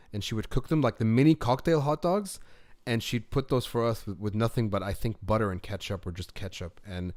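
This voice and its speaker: A man's voice: lowish voice, a little mellow. A man who grew up in the Gulf, hosting a casual live stream from home. He answers comments, tells rambling stories and thinks aloud while solving a word puzzle, laughing often. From United Arab Emirates.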